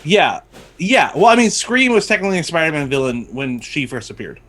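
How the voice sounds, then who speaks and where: Excitable rambling man, slightly high. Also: brisk. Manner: excitable, rambling, swears often. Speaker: podcast co-host. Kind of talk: casual chat.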